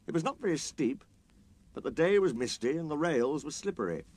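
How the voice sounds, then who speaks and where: A man reading a children's story aloud, in an expressive, lilting storytelling manner. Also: on the high side, fairly quick.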